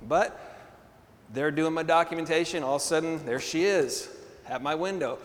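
A man preaching a sermon, telling a story with animated energy, laughing often and calling for responses from the congregation. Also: fairly high pitch, normal speed. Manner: laughs often between phrases. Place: church hall. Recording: long hall reverb.

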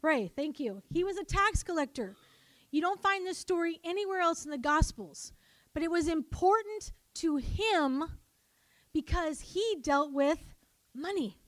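A woman preaching a sermon, animated and calling on her congregation to answer back. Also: very high-pitched, measured pace, dry recording, studio quality. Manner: animated, calls for congregation responses. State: coughing, choked up.

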